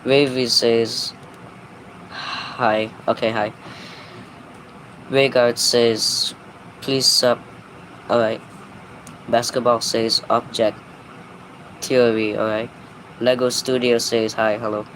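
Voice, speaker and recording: A man hosting a livestream, reading out chat messages one by one and answering them briefly in a low-key way. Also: slight background noise, low-quality recording. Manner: flat, unhurried, low-key replies. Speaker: livestream host. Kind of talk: reading live chat aloud.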